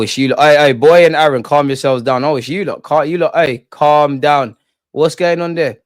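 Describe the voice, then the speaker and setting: A young man with a London accent, chatting casually on a live stream about football while reading out and reacting to viewer comments in slangy, animated talk. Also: fairly high pitch, clear, resonant tone, no room sound, studio quality.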